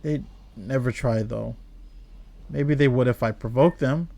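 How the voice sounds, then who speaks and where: A man reading game dialogue aloud as a despairing young woman trapped in an endless world, in a flat, quiet, brooding way. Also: mid-range voice, a little slow, vocal fry, dry recording.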